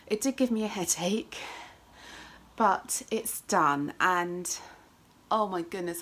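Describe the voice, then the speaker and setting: A woman's voice: medium pitch, fairly bright tone. An English woman hosting a casual vlog, talking into her phone while out walking and later at home. She chats freely and often drops into a whisper. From England. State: out of breath. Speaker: podcast host. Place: outdoors on a walk, then indoors. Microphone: phone held at arm's length.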